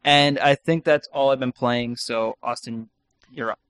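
A podcast co-host chats casually and rambles, piling on ums, fillers, and restarts. His mid-range voice is fairly even in intonation, a little slow, fairly bright, and smooth, in a dry recording.

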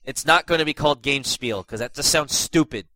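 A man's voice: a little high, a little fast, sharp tone, dry recording, rough recording. A young man with a stuffy nose hosting a casual gaming podcast, rambling with lots of fillers and self-deprecating asides. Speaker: podcast host.

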